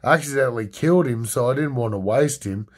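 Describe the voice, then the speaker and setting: A clumsy young man, sheepish and frantic, his voice climbing higher as he pleads, as a man puts him on. He talks. He speaks in a loose, rough-and-ready way. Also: quick pace, lightly acted. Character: clumsy young male hunter, apologetic.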